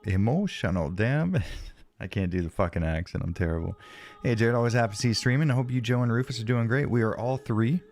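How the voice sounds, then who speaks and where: A man's voice: medium pitch, a little fast, darkish tone. A man live-streaming in casual chat, rambling and self-deprecating as he reads chat aloud, a bit sniffly from allergies.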